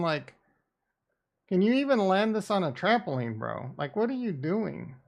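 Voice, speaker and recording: With lively intonation and vocal fry, a fairly high-pitched man speaks at a normal speed. He's a crypto streamer giving casual live-stream commentary, muttering blunt, sarcastic, profane things to himself into a desk microphone.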